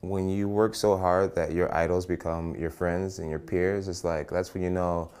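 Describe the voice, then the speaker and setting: An extremely deep-voiced man chats in a relaxed interview, excited and upbeat about his topic. He often starts a phrase twice before he finishes it, and he sounds like a professional fighter talking. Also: normal speed, clean tone. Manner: enthusiastic, restarts often, relaxed. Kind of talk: casual interview.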